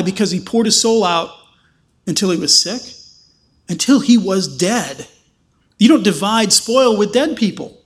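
A man preaching a sermon, teaching from scripture with emphatic, slowed-down stresses and quick asides. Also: high-pitched. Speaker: pastor.

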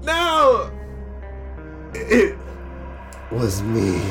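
A man's voice: high voice, wildly swooping pitch, extremely slow, music in the background, exaggerated voice. A man voicing a vengeful male wrestler who confesses to a murder in a defiant speech, in a tabletop game.

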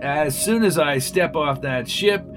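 A man reading aloud as a gruff, irritable male inspector who blusters and complains. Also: fairly high pitch, a little slow, over music, natural voice. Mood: outraged. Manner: blustering, exasperated.

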